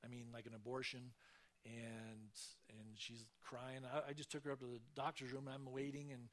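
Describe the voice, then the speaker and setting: A man telling personal stories from a church stage in a casual, animated way, acting out the quoted voices. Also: mid-range voice, normal speed. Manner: conversational, animated storytelling with acted quotes. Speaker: church speaker giving testimony. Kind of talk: sermon testimony storytelling.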